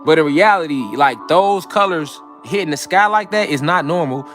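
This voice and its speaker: A man's voice: fairly high pitch, normal speed, fairly bright tone, soft background music. A man giving a casual spiritual lecture, preaching to his listeners, repeating phrases and calling them family. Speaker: spiritual talk host.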